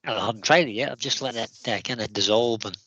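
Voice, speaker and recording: A man's voice: fairly low pitch, fast, a bit bright, no echo, muffled recording. A man co-hosting a woodworking livestream, joking around and reading out viewer comments. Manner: jokey, reads viewer comments. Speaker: co-host. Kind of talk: livestream chat.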